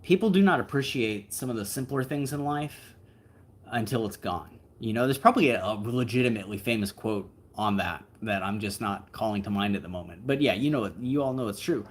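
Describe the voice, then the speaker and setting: Laid back guy doing a livestream, bit of a low voice, rambly, lots of uhs and likes. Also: expressive, brisk, husky. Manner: easygoing, rambling, frequent fillers and asides. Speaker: livestream host. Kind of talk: casual livestream chat, answering viewer comments.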